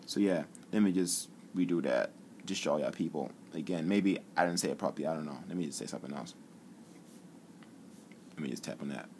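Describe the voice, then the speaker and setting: A man giving a relaxed, chatty demo of phone apps, often repeating himself. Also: a bass voice, brisk, noisy background. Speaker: app reviewer. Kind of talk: casual tech vlog demo.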